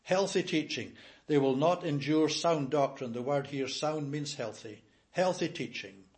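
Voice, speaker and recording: A man's voice: on the high side, measured pace, a little mellow. An older man preaching a sermon in an earnest, emphatic way, repeating key phrases.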